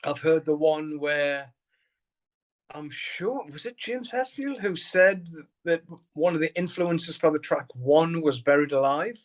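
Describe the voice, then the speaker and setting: A middle-aged man with a broad Geordie accent talks in a fairly high voice. He rambles, restarts his sentences and swears freely, laughing through his stories as a guest musician. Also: measured pace. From Newcastle, England. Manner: rambling storyteller, heavy swearing, frequent laughter, many restarts. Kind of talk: casual interview chat.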